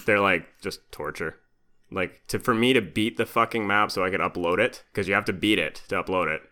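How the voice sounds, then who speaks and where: A podcast co-host chatting casually, laid-back and swearing offhandedly. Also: male voice, deep voice, a little fast, bright, forceful tone.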